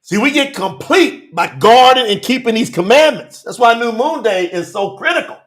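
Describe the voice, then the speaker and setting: A man preaching a sermon, reading scripture verses and commenting on them with emphatic rhetorical questions and bursts of shouting. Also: extremely high pitch, expressive, normal speed. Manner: breaks into shouting.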